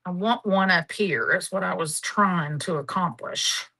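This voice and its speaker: Woman, middle-aged, craft show host, unhurried, bright tone, affectionate chatter. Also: on the low side, a little hiss or hum, low-quality recording. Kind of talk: live craft demonstration.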